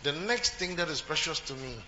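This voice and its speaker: A sharp-toned, slightly high-voiced pastor preaches fairly quickly to his congregation in a church. He keeps repeating phrases, cracks jokes, and questions the crowd. The recording sounds dull and carries a hum.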